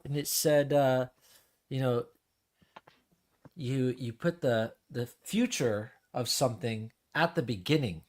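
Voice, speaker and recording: Mid-pitched male co-host, hesitant, thinks out loud in fragments. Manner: halting, trailing off, self-interrupting. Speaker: podcast co-host. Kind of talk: casual chat.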